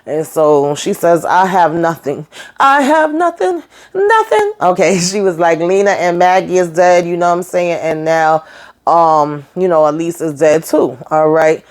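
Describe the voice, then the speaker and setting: A woman's voice: deep voice, steady tone, normal speed, darkish tone, smooth. A woman reviewing a TV episode, retelling the plot in a sassy, emphatic, slangy way and tagging her lines with "okay?" and "baby". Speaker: TV show reviewer. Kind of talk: casual episode recap.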